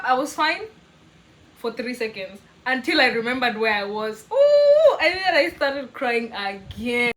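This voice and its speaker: Kenyan girl vlogging, kinda high voice, laughs a lot, bit of hiss. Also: poor audio. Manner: animated, laughs often, mixes in Swahili words. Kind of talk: casual storytelling vlog.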